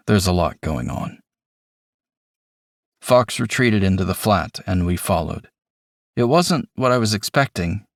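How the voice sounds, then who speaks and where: A man narrating an audiobook in first person, with reflective, measured storytelling, on a close mic in a recording booth. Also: on the low side, creaky, no room sound.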